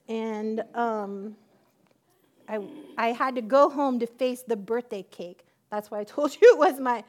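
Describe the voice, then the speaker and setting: A woman's voice: fairly high pitch, darkish tone. A woman giving a personal testimony in church, acting out both sides of her conversations with God and laughing at herself often.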